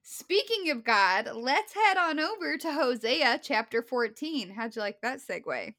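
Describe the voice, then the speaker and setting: A woman from West Virginia with a Midwestern accent, co-hosting a Bible study podcast in casual, animated chat over a video call. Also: high voice, unhurried. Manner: chatty, animated storyteller.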